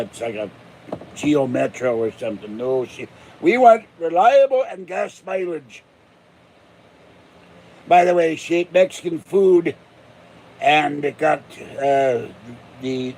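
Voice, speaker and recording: Gravelly rambling man vlogging. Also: a little high, a little hiss or hum. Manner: rambling, jokey, breaks into growled pirate shouts. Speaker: channel host. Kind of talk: rambling casual vlog.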